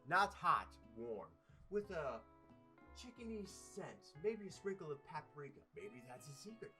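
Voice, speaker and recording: A man playing a dating game, reading the text aloud in a playful, exaggerated way with sudden loud bursts. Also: a little high, sing-song, measured pace, soft background music. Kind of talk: let's play commentary.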